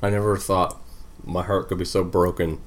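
A man's voice: sits low, flat delivery, normal speed. A man co-hosting a casual review chat, rambling with lots of fillers and the odd swear. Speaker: podcast co-host.

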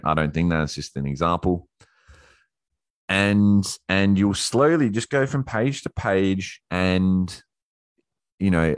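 A young man coaching viewers in a casual motivational talk, blunt and quick to swear, often restarting his sentences. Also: deep voice, dry recording, clean studio sound. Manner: blunt, swears freely, self-interrupting.

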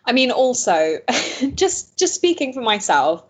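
A woman co-hosting a podcast in casual chat, animated and laughing often as she tells stories. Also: a little high, measured pace, a little hiss or hum.

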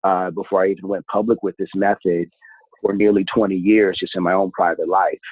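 A man's voice: low voice, flat delivery, brisk, slightly rough, no echo. A man who is a guest on a podcast, explaining his practice in an easygoing way with small chuckles and repeated words, heard over a remote call. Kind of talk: casual interview talk. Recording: tinny phone-like audio, dry.

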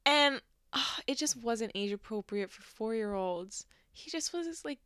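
A young woman chatting on a podcast, her voice bright and ringing. Her pitch swoops up and down as she tells stories and laughs along. The sound is dry and close. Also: measured pace, no room sound. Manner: animated, laughing storyteller. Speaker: podcast co-host. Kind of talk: casual chat. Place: small home studio room.

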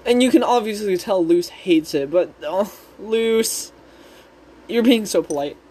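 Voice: medium pitch, a little slow, mellow, breathy edge. A speaker casually recapping a cartoon episode in a rambling, chatty way with frequent giggles. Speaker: show recap host.

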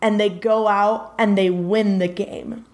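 A woman's voice: medium pitch, fairly even intonation, takes it slowly, darkish tone. A woman co-hosting a casual podcast, telling a story in a rambling way with many fillers. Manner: rambling, lots of filler words. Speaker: podcast co-host.

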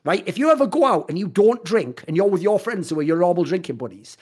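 A man's voice: sits high, lively intonation, fast, darkish tone, slightly rough. A British man on a podcast, ranting in a heated, profane, mocking way, often slipping into impressions of other people. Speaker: podcast co-host. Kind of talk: heated casual podcast rant.

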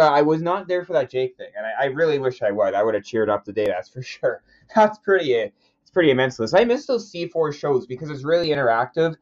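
A man's voice: mid-range voice, darkish tone, muffled recording. A man hosting a podcast, chatting eagerly and rambling, often stumbling over his words. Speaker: podcast host. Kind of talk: casual podcast chat.

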